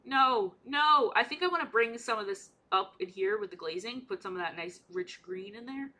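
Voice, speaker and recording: A woman's voice: medium pitch, expressive, fairly quick, pushed and bright. A young woman streamer in casual live-stream chat while painting miniatures, chatty and playful, often repeating herself.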